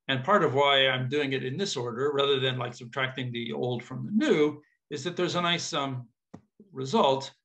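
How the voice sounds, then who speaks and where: A man's voice: mid-range voice, a bit bright. A man giving an informal mathematics lecture, thinking aloud with casual asides and checking that his audience follows.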